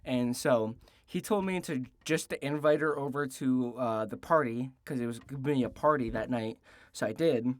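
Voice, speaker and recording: A man's voice: medium pitch, normal speed, no echo. Rambling, foul-mouthed teenage guy, dry sound. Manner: rambling and profane, with frequent restarts and fillers. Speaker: storytelling vlogger. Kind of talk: casual story time.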